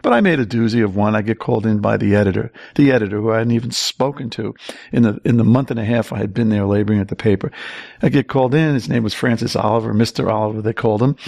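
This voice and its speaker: An older man tells stories as an interview guest and acts out the people in them with lively quotes. His voice is mid-pitched with a gravelly edge. The recording is dry and close. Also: dry recording. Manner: animated storyteller who acts out quotes. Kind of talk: storytelling in a casual interview.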